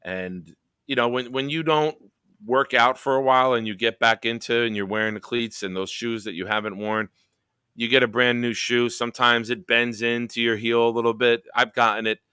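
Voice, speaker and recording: Bright, crisp-voiced male talk show host. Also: mid-range voice, moderate pace, dry recording, clean studio sound. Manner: animated storyteller, swears freely. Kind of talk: casual sports chat.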